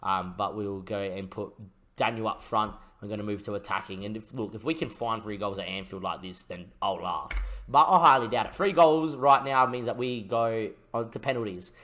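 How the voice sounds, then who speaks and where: A young man giving let's-play commentary over a football management game, dropping to low mutters and rising to excited shouts. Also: moderate pace. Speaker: gaming YouTuber and streamer.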